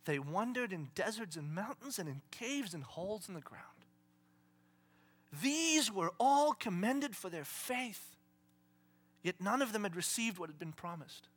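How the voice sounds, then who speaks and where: A man preaching a sermon dramatically, swinging from hushed whispers to shouted exclamations and acting out the people in his stories. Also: high voice, lively intonation, unhurried, husky. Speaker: pastor.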